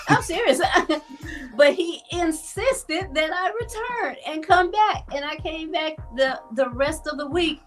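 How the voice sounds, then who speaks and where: A woman guest telling a story in a casual interview, animated and laughing, acting out the voices of people she quotes. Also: very high voice, slow pace, faint music behind.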